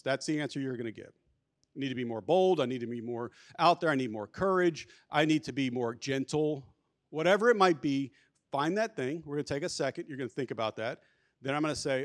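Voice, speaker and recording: A man giving an energetic, emphatic workshop talk at a conference, conversational and often restarting his sentences. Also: a little high, brisk. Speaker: workshop speaker at a Catholic conference. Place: conference hall. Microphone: handheld or lapel microphone.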